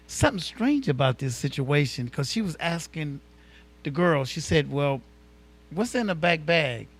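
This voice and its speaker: A male talk show co-host telling a story in an animated, colloquial way. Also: fairly high pitch.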